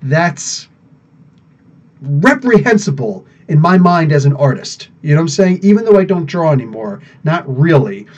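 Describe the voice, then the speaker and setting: A man's voice: fairly high pitch, moderate pace. A man hosting a live podcast stream, chatting casually, rambling and laughing as he answers viewers. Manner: rambling, animated, laughs often. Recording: dull lo-fi sound.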